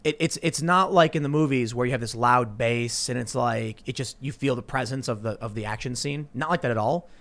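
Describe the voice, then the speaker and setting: A man hosting a podcast, telling stories in a casual panel chat, animated, with frequent restarts. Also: medium pitch, a little fast, few pauses. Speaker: podcast host.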